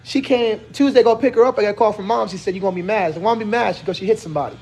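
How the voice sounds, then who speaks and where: A man in his thirties hosts a relaxed chat and tells an animated story. His voice sits very high with a gravelly edge. He talks quickly and slips into each person he quotes. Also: soft background music. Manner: animated, acts out quoted dialogue. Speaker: host. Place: barbershop.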